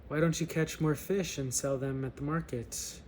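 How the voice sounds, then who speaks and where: A man's voice: on the high side, steady tone, normal speed, a little mellow, a little hiss or hum, close to an everyday voice. A man voicing a persuasive economist while reading a story aloud. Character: pushy adult male economist.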